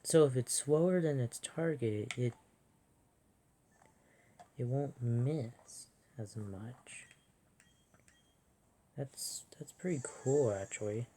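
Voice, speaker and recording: Slow, mellow soft-spoken game commentator. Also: medium pitch, slight background noise. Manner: soft-spoken, musing aloud, self-deprecating. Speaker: let's play host.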